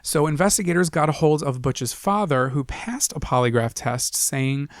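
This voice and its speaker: A man's voice: a little high, lively intonation, moderate pace, no echo, clean studio sound. A man co-hosting a casual true-crime podcast, retelling cases in a joking, profane way. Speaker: podcast co-host.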